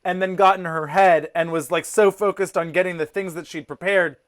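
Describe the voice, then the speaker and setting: A co-host in a casual review chat, thoughtful and quick to laugh, acting out quotes now and then. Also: medium pitch, steady tone. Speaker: podcast co-host.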